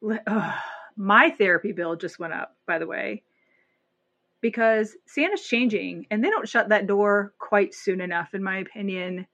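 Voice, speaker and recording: A woman's voice: mid-range voice, measured pace, highs cut off. A woman co-hosting a podcast, retelling scenes in casual chat and acting out the voices of the people she describes. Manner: animated retelling, acts out voices. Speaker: podcast co-host.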